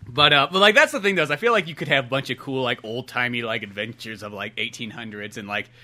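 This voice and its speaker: Casting: a chatty male podcast co-host, rambling and full of fillers, very bright tone. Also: medium pitch, quick pace. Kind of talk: casual chat.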